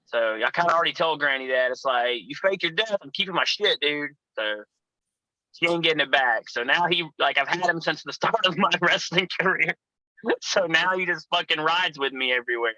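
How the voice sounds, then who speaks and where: With a voice on the high side, pushed and bright, the young adult wrestler guest talks at normal speed through profane storytelling, cursing constantly, wandering off on tangents and voicing the characters he quotes. The recording is dry and poor in quality.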